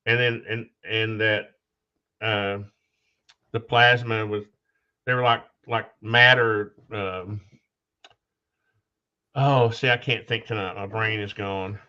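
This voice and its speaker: A man hosting a casual podcast conversation, talking haltingly with restarts, losing his train of thought and coughing now and then. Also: lowish voice, steady tone, sharp tone, clear, resonant tone. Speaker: podcast host. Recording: dull lo-fi sound.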